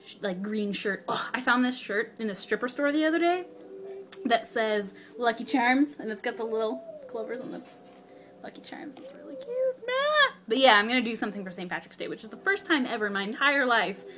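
A young woman chatting casually to her camera in her apartment, excitable and bubbly, with casual swearing. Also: on the high side, fast talker, a little hiss or hum. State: hyper and spazzy. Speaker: vlogger. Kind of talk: casual vlog chat. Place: apartment living room. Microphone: handheld camera.

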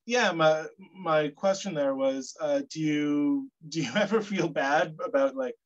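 A man's voice: on the high side, measured pace, muffled recording. A man interviewing a guest over a video call, asking questions hesitantly with lots of restarts. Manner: hesitant, many fillers and restarts.

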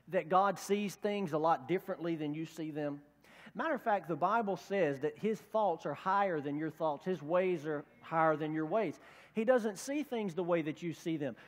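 Guy pastor preaching casual-style, kinda high voice, big echoey church sound. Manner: conversational preaching, acts out quoted voices. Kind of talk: sermon. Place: church sanctuary.

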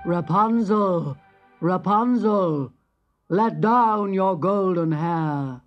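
A woman voicing an eager young prince who calls up loudly and slowly, on a lo-fi tape. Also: lowish voice. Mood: calling. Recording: lo-fi tape with faint music.

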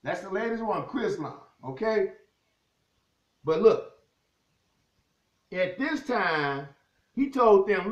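A man preaches an animated sermon, reading scripture aloud and repeatedly addressing his listeners as "y'all." His high voice moves slowly with long pauses. The room is echoey, and the highs are cut off.

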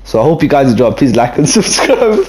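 A man's voice: mid-range voice, very animated, fairly quick, background noise. Guy trash talking over a game, laughs a lot, bouncy voice. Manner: teasing, laughs a lot, repeats himself. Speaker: gaming YouTuber. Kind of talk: casual gaming banter. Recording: echoey room with music playing. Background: game music.

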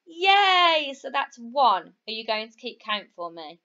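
A woman teaching a phonics lesson to young children, sounding out each letter slowly and blending words, with upbeat praise. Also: on the high side, very animated, bright, forceful tone. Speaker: primary school teacher. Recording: slightly dull, lo-fi recording.

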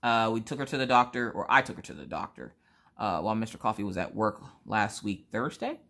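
A woman, chatting casually while she crafts and telling rambling, animated stories about her family. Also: a bass voice, brisk. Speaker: crafting vlogger.

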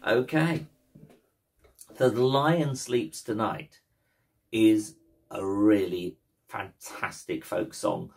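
A man's voice: fairly low pitch, extremely slow, gravelly, long pauses, a little mellow. A man teaching ukulele in a cheeky, playful, jokey way, talking the class through chords and strumming. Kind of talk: casual instructional talk.

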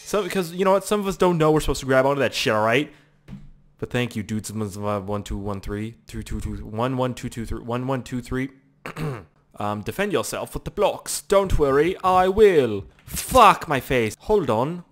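Excitable, swearing young gaming host. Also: male voice, medium pitch, moderate pace. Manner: excitable, swears a lot, hums little tunes. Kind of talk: let's play commentary.

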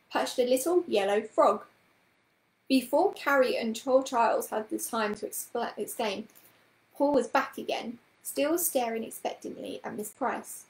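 A woman's voice: a little high, echoey room, poor audio. Woman reading a children's story aloud.

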